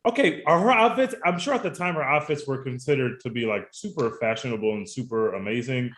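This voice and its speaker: A man on a casual podcast, reacting with animated disbelief. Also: medium pitch, fairly quick.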